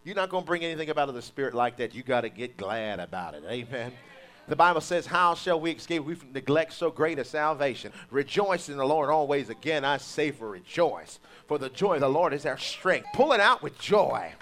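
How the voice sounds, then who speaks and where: A man preaches an animated sermon at a fairly quick pace in a medium-pitched voice. He leads the congregation in call-and-response and acts out quoted voices in mocking fashion.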